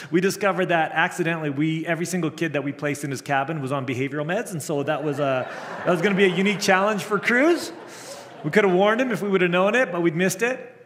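A man's voice: a little high, fairly bright tone. A middle-aged man, a camp director, preaching with earnest storytelling and frequent restarts. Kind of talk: sermon. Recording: long hall reverb.

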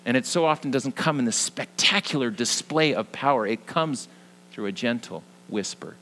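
A young man preaching a sermon as pastor, earnest, moving between lively emphasis and hushed, soft passages. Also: medium pitch, moderate pace, slight background noise, poor audio.

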